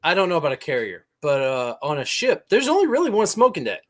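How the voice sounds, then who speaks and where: A man co-hosting a podcast with a lively, bouncing pitch that swings widely. He teases his partner and chats playfully with comments. The talk is casual and jokey throughout. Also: fast. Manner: playful, teasing, jokey comedian patter. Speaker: podcast co-host; Navy veteran.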